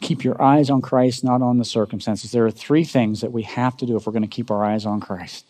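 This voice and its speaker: A male pastor delivering a dramatic sermon, asking rhetorical questions and swinging between loud emphatic bursts and low, quiet lines. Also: steady tone, fairly quick. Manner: asks the congregation rhetorical questions. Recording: long reverb of a large hall.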